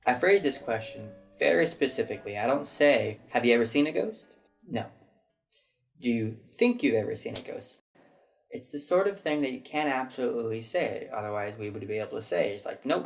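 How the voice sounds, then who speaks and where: A man vlogging in a chatty, reflective way, recounting people's answers to a question and mimicking them as he goes. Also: mid-range voice. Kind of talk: casual storytelling monologue.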